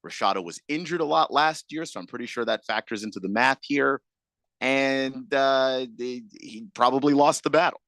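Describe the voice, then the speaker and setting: A man hosting a sports radio show who talks in a casual, halting way, with many restarts before he picks up speed. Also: medium pitch, fairly bright tone, dry recording, clean studio sound. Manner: hesitant, restarts often, then rushes. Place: radio studio. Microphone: studio mic.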